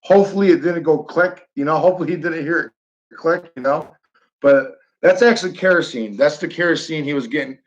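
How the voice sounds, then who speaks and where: Heard through dull lo-fi audio, a live stream host from Northern New York talks casually to viewers, chuckling and rambling as he recounts a story. His voice is on the high side and fairly quick.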